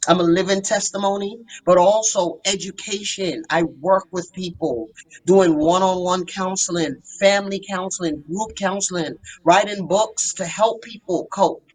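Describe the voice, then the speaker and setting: A woman's voice: on the low side, normal speed, darkish tone, slightly rough, rough recording. A woman therapist telling her story as a podcast guest, earnest and emphatic. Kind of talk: podcast interview.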